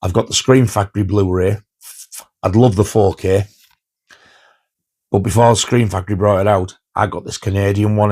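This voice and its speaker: A man in his fifties talks through the films he has been watching in a casual home vlog. His voice sits low with a gravelly, husky edge, and he gets excited and chuckles as he retells his favourite scenes. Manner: chatty, enthusiastic, laughs while retelling scenes. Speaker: film reviewer.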